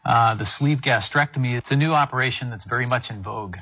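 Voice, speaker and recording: A man, a bariatric surgeon appearing as a guest on a talk show, calmly explaining medical procedures in measured, technical terms. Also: mid-range voice, slightly rough, no echo, dull audio.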